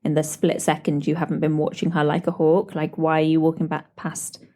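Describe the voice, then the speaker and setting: A woman's voice: low voice, little pitch movement, a little fast, warm tone. A young British woman hosting a podcast, telling stories in a chatty way, laughing often and acting out the people she quotes. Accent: British English. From Britain. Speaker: podcast host. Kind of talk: chatty solo podcast storytelling.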